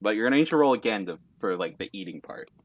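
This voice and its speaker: A man narrating a tabletop game as game master. His pitch moves freely and his telling is loose, with plenty of "like" and "um". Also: animated, fast, no room sound. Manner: loose, filler-heavy storytelling.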